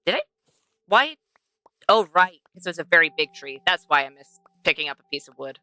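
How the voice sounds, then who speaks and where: A woman's voice: on the low side, animated, fairly quick, sharp tone, no echo. A young woman streaming a game, chatting to herself and to the animals she passes as she plays. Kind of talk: casual gameplay commentary.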